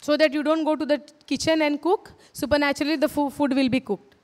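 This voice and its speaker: High-voiced woman preaching in a hall. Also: steady tone, fast talker, a little mellow. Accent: Indian English. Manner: earnest, repeats phrases, asks the audience questions. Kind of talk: sermon. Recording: hall reverb.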